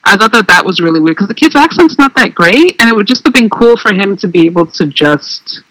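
Male co-host, slightly higher-pitched, opinionated and animated, casual chat. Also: fast talker, no echo, poor audio.

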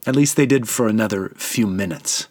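A man narrating as God the Father in a solemn, measured and tender dramatic scripture reading. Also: fairly low pitch, a little mellow, dry recording.

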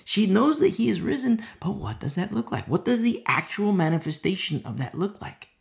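A preacher with a gravelly edge to the voice delivers an impassioned sermon. The delivery swings between firm, raised emphasis and near-whispered asides, and key phrases come back again and again. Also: medium pitch, very animated, moderate pace. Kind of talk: expository sermon.

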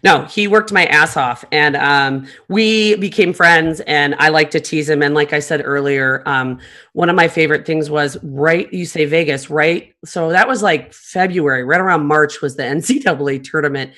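A woman in her fifties hosting a podcast, telling stories in a lively, profane, joking way. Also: sits low, normal speed. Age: 50s. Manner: animated, profane, laughing storyteller. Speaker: podcast host. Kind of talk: casual storytelling chat.

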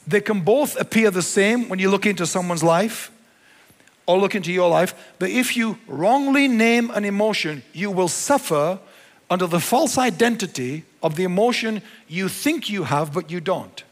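A male pastor delivers a sermon at a moderate pace, animated, slipping into quiet, low asides before climbing back to emphatic lines. The recording carries a long hall reverb.

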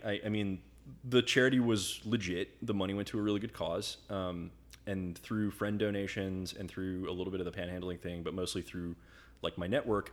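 A man in his thirties from the United States, talking in a loose, rambling way and stacking "like" between his phrases. His voice sits very low. He is in relaxed conversational storytelling mode. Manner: rambling storyteller, heavy use of "like" fillers. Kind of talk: casual chat.

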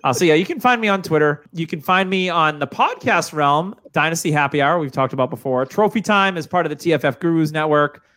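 A man's voice: a little high, expressive, brisk, few pauses, a bit bright. A man from New Hampshire, a guest on a podcast, chatting casually and joking with some swearing. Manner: loose, joking, swears freely.

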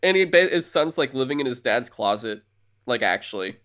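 A man's voice: mid-range voice, a little fast. Man rambling through a casual movie recap. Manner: rambling, animated movie recap with acted-out quotes and laughs. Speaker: podcast co-host. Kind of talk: casual chat.

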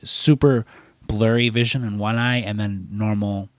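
A man's voice: on the low side, fairly even intonation, unhurried, no echo. A man co-hosting a podcast, telling a rambling story in casual chat and swearing freely. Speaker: podcast co-host.

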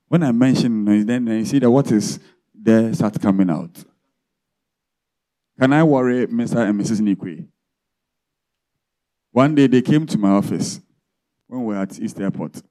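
A man preaching to his church, his voice dark and mellow. He keeps asking the congregation questions as he goes. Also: mid-range voice, normal speed, long pauses. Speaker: pastor. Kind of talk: sermon.

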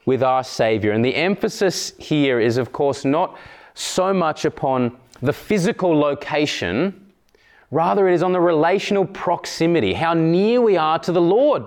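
A man preaching a sermon in a church, earnest, slowing down on emphatic phrases. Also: fairly high pitch, a little mellow. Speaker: pastor.

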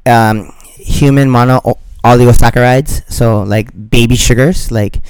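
Male podcast co-host, mid pitch, meandering delivery full of "like" and "um". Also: steady tone, normal speed, smooth, no room sound, low-quality recording. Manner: rambling, lots of fillers, trails off quietly. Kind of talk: casual chat.

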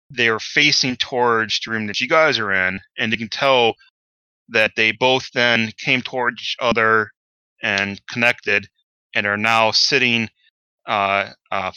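A man narrating as game master in a tabletop game, halting with many fillers. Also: lowish voice, pushed and bright, smooth, dry recording, highs cut off.

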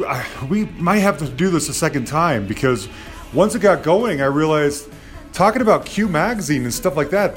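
A male podcast host who talks casually, agreeing readily and rambling with many fillers. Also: on the high side. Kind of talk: casual podcast chat and outro. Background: music.

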